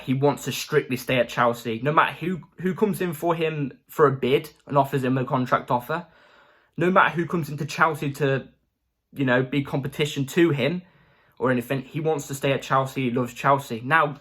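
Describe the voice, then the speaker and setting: A man talking in a casual, chatty fan vlog as the channel host, excitable and full of fillers. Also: mid-range voice.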